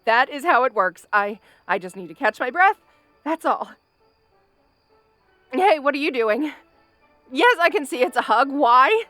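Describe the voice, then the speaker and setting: A woman's voice: high voice, very animated, a little slow, long pauses, bright, forceful tone, no echo, soft background music, heavily acted. A woman voicing a brash but anxious young orc woman in an audio role-play, stammering, laughing nervously and insisting she is fine. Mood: flustered denial.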